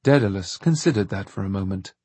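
A man narrating an audiobook with lively, expressive storytelling. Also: sits low, fast talker, slightly rough, dry recording. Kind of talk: scripted narration.

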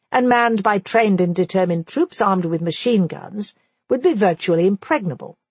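A woman reading a history audiobook as narrator, in a measured, even scripted narration. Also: medium pitch, husky, no room sound.

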